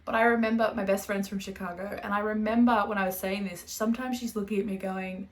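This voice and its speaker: A woman's voice: mid-range voice, steady tone, fast. Young Australian woman, casual knit-and-chat host, chatty and self-correcting. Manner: chatty, rambling, self-correcting, laughs often. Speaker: knitting podcast host.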